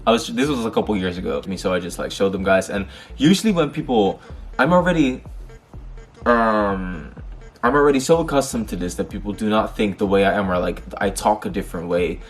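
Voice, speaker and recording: A man's voice: on the low side, expressive, brisk, soft background music. A young man from the Netherlands telling personal stories to camera in a frank, heated way, full of slang and swearing. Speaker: vlogger. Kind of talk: casual personal storytelling.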